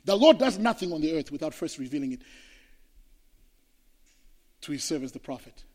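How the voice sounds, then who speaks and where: A man from Zimbabwe, preaching a sermon as pastor, telling stories emphatically and swinging from hushed to loud. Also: a little high, sing-song, normal speed. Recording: long hall reverb.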